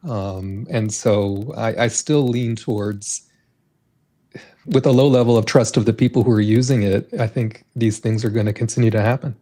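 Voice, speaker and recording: A man on a casual livestream panel, speaking in a measured, reasoned way. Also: lowish voice, steady tone, mellow.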